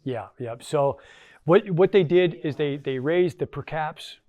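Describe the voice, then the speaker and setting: A middle-aged man who once sat on a tribal council gives a casual storytelling talk to an audience, folksy and anecdotal with lots of fillers. His voice is a little high, mellow, and measured in pace.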